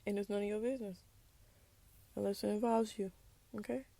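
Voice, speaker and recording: A woman's voice: medium pitch, steady tone, a little fast, creaky, warm tone. A young adult woman talking candidly and with some sass in a casual personal monologue, sometimes dropping to a whisper for asides. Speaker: podcast host.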